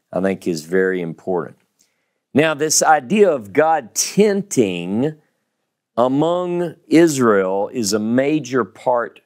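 A man with a Southern US accent teaching the Bible, slow and emphatic, repeating key words to stress them. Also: fairly low pitch, darkish tone. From American South.

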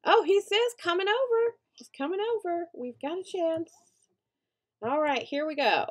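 A young woman talks through her game in a chatty, reactive way, with a fairly high voice. Her pitch leaps around a lot as she laughs and exclaims at what happens on screen. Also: lively intonation, unhurried. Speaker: let's play host. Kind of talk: gameplay commentary.

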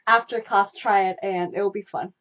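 A woman with a Korean accent teaching a live online language class, repeating steps slowly and laughing often. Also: mid-range voice, steady tone, dull audio. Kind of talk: live-streamed language lesson.

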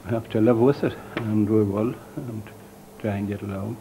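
A man giving quiet, subdued replies as a guest on a television interview. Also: on the low side, fairly even intonation, normal speed, noisy background.

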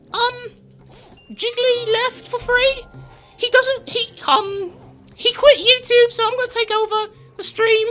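A man voicing a shy, soft-spoken young woman who talks hesitantly with fillers. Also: very high voice, pitched above the performer's own voice, heavily acted. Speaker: stand-in streamer.

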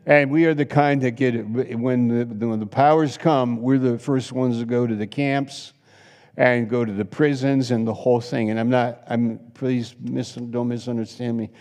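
Man, pastor, fiery sermon, loud outbursts and quiet asides, mid pitch, long hall reverb. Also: steady tone, moderate pace. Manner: impassioned, swings between loud exclamations and hushed asides. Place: church sanctuary.

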